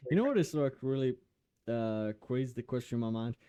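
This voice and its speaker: A man hosting a casual podcast asks relaxed, curious questions, full of "like" and casual swearing. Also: medium pitch, a little fast, smooth. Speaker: podcast host.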